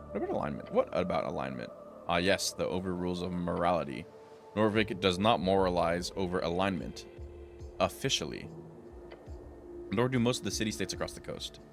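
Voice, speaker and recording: A man with a low, deep voice streams a role-playing game and reads its dialogue aloud. He gives the characters different voices and drops dry comments of his own between lines. Quiet game music plays underneath. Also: creaky. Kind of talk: reading game dialogue aloud with casual asides.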